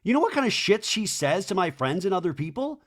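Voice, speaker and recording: A man's voice: high voice, very animated, brisk. A man voicing an angry, bitter reality-TV mother, clipped and scornful.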